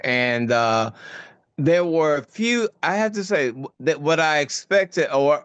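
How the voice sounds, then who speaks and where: An older American man, appearing as a guest actor in a casual interview, rambles through stories, searches for words and laughs often. His medium-pitched voice is smooth, and there's no echo.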